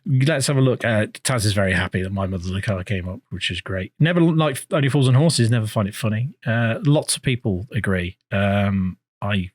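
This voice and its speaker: A man's voice: fairly low pitch, expressive, moderate pace, few pauses, no room sound. A man hosting a casual streamed podcast, reading out chat in a laid-back way with lots of fillers and swearing.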